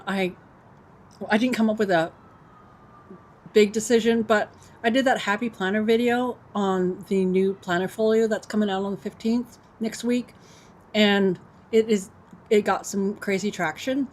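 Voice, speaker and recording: A woman's voice: mid-range voice, steady tone, a little slow, long pauses, a little mellow, slight background noise. A woman in her fifties hosting a casual livestream, chatting with viewers in a rambling way full of fillers, her microphone set off to one side on her computer. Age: 50s. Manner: chatty, rambling, many fillers, eating while talking. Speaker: livestream host.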